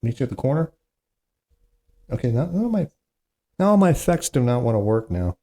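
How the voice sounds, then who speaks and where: A man's voice: mid-range voice, big pitch swings, moderate pace, warm tone, slight background noise. A man hosting a solo comedy podcast, reading corny jokes aloud with chatty, self-mocking asides and groans at how bad they are. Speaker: podcast host.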